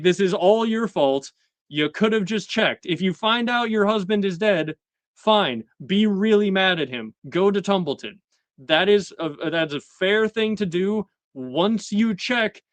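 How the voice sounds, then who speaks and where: Chatty young man, smooth clear voice. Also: high voice, dry recording. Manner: animated, laughing, acts out characters' lines. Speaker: host. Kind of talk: casual live-stream commentary.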